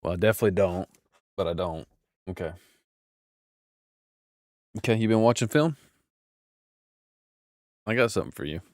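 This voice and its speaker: A man's voice: sits low, normal speed, long pauses, no room sound, studio quality. A man in casual gaming chat with friends, teasing and trash-talking, stumbling over his words now and then. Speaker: gamer streaming with friends.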